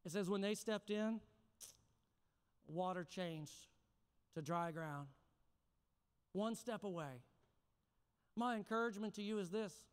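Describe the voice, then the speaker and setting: A man's voice: sits high, slow pace, long pauses, clear, resonant tone. A man preaching a sermon as pastor, passionate and dramatic, with many questions to the congregation. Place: church sanctuary. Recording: echoey church hall.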